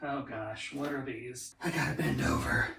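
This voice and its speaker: A man's voice: normal speed, gravelly, very noisy. Sassy campy drag queen vlogger. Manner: sassy, theatrical, swooping into high exclamations. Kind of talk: campy comedic vlog monologue. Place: home office.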